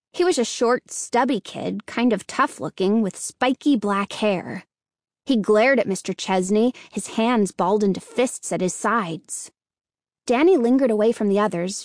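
A woman narrating a children's chapter book in a steady, clear storytelling manner. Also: mid-range voice, measured pace, no room sound, studio quality. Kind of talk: scripted audiobook narration.

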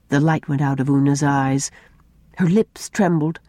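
A woman's voice: low-pitched, measured pace, no echo. A woman narrating a classic children's novel as an audiobook, reading expressively with a close microphone. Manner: expressive, shifting tone with the story. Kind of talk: scripted storybook narration.

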